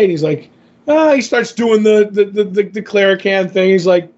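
A man co-hosting a podcast, casually retelling a comic story and quoting the characters in quick voices. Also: sits high, a little mellow, highs cut off. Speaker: podcast co-host. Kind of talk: casual comic-book chat.

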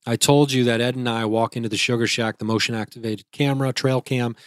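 A man's voice: medium pitch, steady tone, quick pace, no room sound, clean studio sound. A young man, a guest, retelling a frightening experience in a vivid, casual way with restarts. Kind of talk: casual storytelling.

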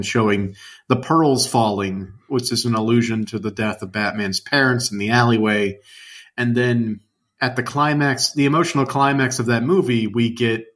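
Guy rambling excitedly about movies on a podcast, mid voice. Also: medium pitch. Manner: enthusiastic, rambling. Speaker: podcast co-host. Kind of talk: casual film discussion.

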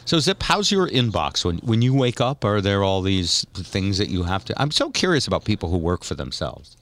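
Deep-voiced joking older podcast host. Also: male voice, sing-song, normal speed, a bit bright. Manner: jokey, laughs often, acts out quotes. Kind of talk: casual chat.

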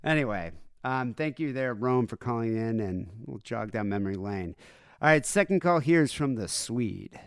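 A man's voice: medium pitch, animated, moderate pace, smooth. A man hosting a casual podcast, rambling through stories with laughs and crude humor. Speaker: podcast host. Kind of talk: casual chat.

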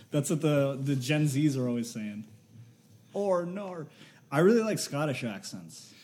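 A man banters on a casual podcast with a lively, rising and falling voice. He teases the others and laughs often. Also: mid-range voice, moderate pace. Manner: teasing, laughs a lot. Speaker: podcast co-host. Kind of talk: casual chat.

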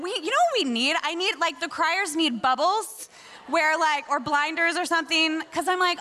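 A woman from Washington State speaking at a church service, praying and then chatting in an expressive, emotional way. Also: extremely high pitch, normal speed. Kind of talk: prayer and sermon talk.

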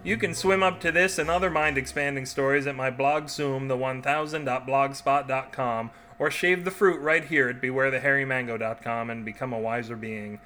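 Wry, bright-voiced male podcast storyteller. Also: mid-range voice, normal speed, hardly any pauses, soft background music. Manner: wry, joking asides. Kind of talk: reading a short story aloud.

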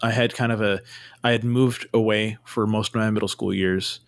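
An easygoing man with a fairly low voice hosts a podcast and chats casually with his guest. He teases a little and rambles with fillers. The recording is dry and close to the mic. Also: steady tone, normal speed, no echo. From California. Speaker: podcast host. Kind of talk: casual interview chat.

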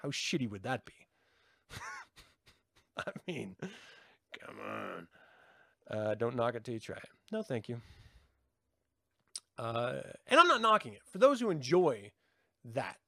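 A man's voice: slow pace, gravelly, pauses often, no room sound. A middle-aged man rambling and joking in casual chat with his live viewers, laughing often. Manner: animated, jumps in pitch. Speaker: livestream host.

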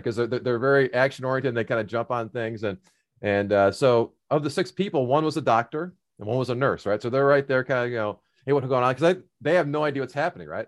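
A middle-aged man casually telling a long personal story, rambling with many fillers and restarts. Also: mid-range voice.

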